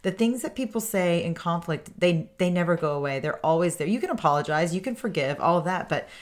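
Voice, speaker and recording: A woman's voice: on the low side, expressive, a little fast. A woman co-hosting a podcast with her husband, talking candidly and laughing easily. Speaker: podcast co-host. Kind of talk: casual podcast chat.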